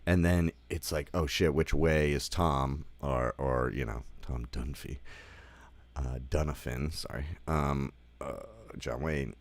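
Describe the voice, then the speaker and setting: A man's voice: rumbling low, gravelly, no room sound. A man giving a casual spoken film review, rambling with lots of fillers like "like" and "you know", and swearing now and then.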